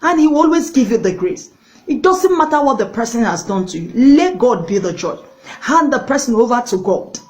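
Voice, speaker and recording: A woman's voice: a little high, big pitch swings, fairly quick, poor audio. Earnest woman evangelist preaching. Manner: earnest, directly addresses viewers; storytelling, repeats for emphasis. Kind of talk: sermon.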